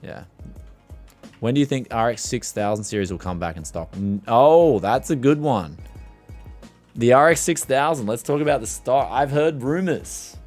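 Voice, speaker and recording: A man hosts a tech livestream, rambling in casual, animated chat and reading viewers' questions aloud, his voice strained from yelling. He speaks at a normal speed in a mid-range voice, with soft music in the background.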